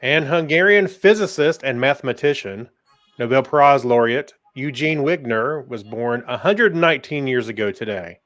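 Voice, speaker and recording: A man's voice: mid-range voice, expressive, normal speed, a bit bright, dry recording. An easygoing man with a mid-range voice co-hosts a casual podcast. He laughs easily while reading history notes, and faint music sits behind him. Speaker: podcast co-host.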